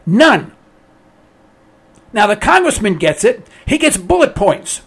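A man with a very high, gravelly voice rants bluntly and sarcastically. His pitch swings widely as he repeats his points with emphasis. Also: very animated, slow. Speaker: political commentator. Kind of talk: ranting monologue.

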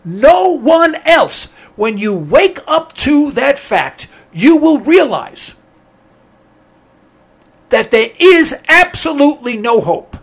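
A man with a very high, gravelly voice rants bluntly and sarcastically. His pitch swings widely as he repeats his points with emphasis. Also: sing-song, slow pace. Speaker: political commentator. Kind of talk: ranting monologue.

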